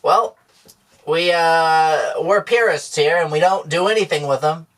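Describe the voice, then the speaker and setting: A deadpan market vendor pitches his odd goods in a slightly high, unbothered voice, as a man plays him. It is an improvised comedy sketch, delivered flat and matter-of-fact. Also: a little slow.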